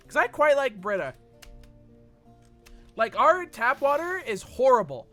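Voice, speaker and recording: A man's voice: very high-pitched, very animated, a little slow, pushed and bright, faint music behind. A young man streaming a game, chatting casually and reading chat with a rambling, sweary manner full of fillers.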